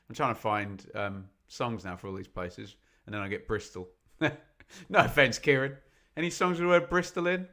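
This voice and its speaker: A man's voice: lowish voice, animated, moderate pace, bright, forceful tone. A man hosting a live football watch-along, chatting and joking as he reads out viewers' locations. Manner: chatty, jokey, bursts into snatches of song. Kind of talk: live-stream chat reading out viewers.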